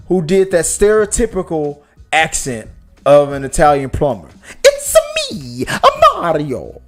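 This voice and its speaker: A man's voice: fairly high pitch, darkish tone. A man co-hosting a casual live-stream movie talk show, making his points with emphatic rhetorical questions. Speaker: podcast co-host.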